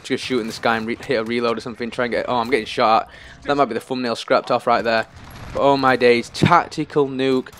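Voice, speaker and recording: Excitable gamer narrating live play. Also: male voice, mid-range voice, fast talker, hardly any pauses, a little hiss or hum. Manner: excitable, anxious, pleading under pressure. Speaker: gaming YouTuber. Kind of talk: live gameplay commentary.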